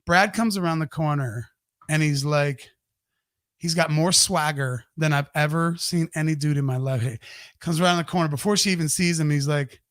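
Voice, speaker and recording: A man hosting a podcast, telling an anecdote in a casual, animated and profane way, acting out the voices of the people in it. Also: high-pitched, normal speed, no echo. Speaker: podcast host. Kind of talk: casual storytelling.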